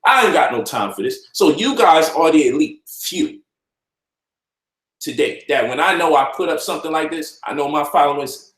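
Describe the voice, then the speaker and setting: A man's voice: on the high side, animated, moderate pace, fairly bright tone, roomy sound, low-quality recording. A man giving an informal finance lecture to online viewers, emphatic and repetitive, often checking in with the listener. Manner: emphatic, repeats points, asks "you feel me?".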